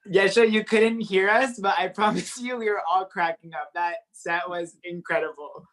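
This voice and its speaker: A woman's voice: medium pitch, unhurried. A woman hosting an online comedy night, upbeat and laughing as she reads out viewer comments. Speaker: show host.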